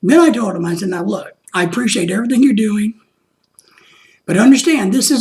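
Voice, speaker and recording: A man's voice: high voice, brisk, darkish tone. A man hosting a vlog, casually recounting an exasperating week with lots of reenacted phone calls. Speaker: vlog host.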